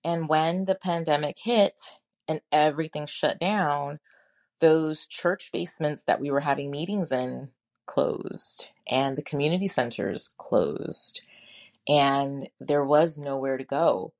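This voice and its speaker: A woman's voice: low voice, slow pace, a little mellow. A woman hosting a podcast, telling her own story in a candid, conversational way. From United States. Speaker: podcast host. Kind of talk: personal storytelling.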